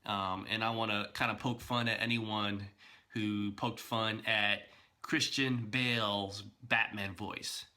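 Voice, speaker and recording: Speaking slowly in a lowish voice, a male video blogger offers casual, animated reaction commentary. He's chatty, with plenty of fillers and restarts.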